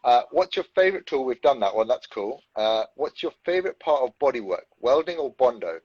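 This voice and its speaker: A man's voice: medium pitch, sing-song, a little fast, darkish tone, slightly rough. A man hosting a casual online chat, asking questions and reading out viewer questions. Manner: chatty, reads out viewer questions. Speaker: host. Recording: dull lo-fi sound.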